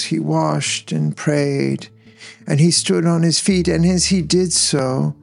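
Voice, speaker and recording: A man narrates a folk tale at a slow, unhurried pace. His voice sits a little high for a man and carries a gravelly texture. Soft music plays faintly underneath. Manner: unhurried, measured, with voiced characters in dialogue. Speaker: storyteller.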